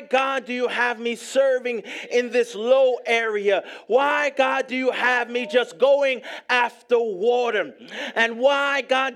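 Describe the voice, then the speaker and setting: A male pastor preaching a sermon, emphatic and repetitive, rising at times to shouts. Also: very high-pitched.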